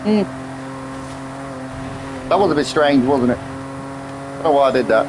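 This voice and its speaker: A man's voice: medium pitch, a little slow, noisy background. A man, chatting casually on a live game stream, swearing and easily irritated. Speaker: gaming streamer.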